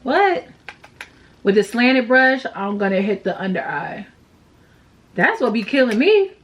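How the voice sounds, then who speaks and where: Woman doing a makeup tutorial, kinda high voice, sad but venting in slang, super candid. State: feeling sad and emotional. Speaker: makeup vlogger. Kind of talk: casual makeup tutorial chat.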